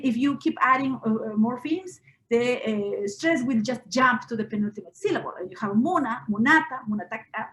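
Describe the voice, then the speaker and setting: A woman with a somewhat high voice delivers an academic conference lecture on her research. She explains carefully, step by step, with frequent pauses and filler sounds between phrases. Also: rough recording. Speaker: linguist presenting research.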